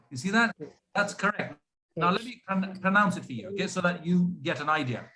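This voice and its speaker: A man teaching pronunciation over a video call, stretching out words slowly and patiently to demonstrate stress. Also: sits high, pushed and bright, low-quality recording. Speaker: pronunciation coach. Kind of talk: online speaking lesson.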